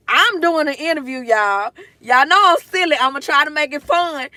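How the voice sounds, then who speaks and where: A woman's voice: high-pitched, normal speed, sharp tone, dry recording. A woman chatting emotionally to her livestream viewers from her car, gushing and close to tears. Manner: gushing, emotional, addresses chat directly. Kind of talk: casual livestream chat to viewers. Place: in a parked car.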